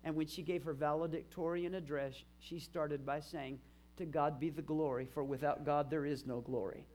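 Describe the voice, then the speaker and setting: A man's voice: on the high side, fairly even intonation, moderate pace, a little mellow. A man in his fifties, a pastor preaching a sermon and telling stories of church members with emphatic rises. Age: 50s. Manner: storytelling, retelling conversations, emphatic rises.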